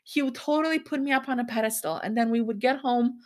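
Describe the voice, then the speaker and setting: A woman's voice: on the high side, fast, a little mellow. A woman in her thirties hosting a solo podcast, talking candidly and in a rambling way, often laughing as she speaks. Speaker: podcast host.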